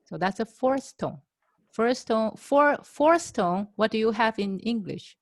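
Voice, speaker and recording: A woman teaching a class over a video call, a native Chinese speaker explaining in English with many pauses, fillers and everyday examples. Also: on the high side, animated, a little mellow, no room sound, clean studio sound. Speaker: language teacher.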